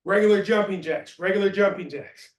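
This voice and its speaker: A man's voice: high-pitched, a little fast, recorded from a distance. A man leading a workout class as fitness instructor, giving short cues and counting reps aloud, at times out of breath. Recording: roomy echo.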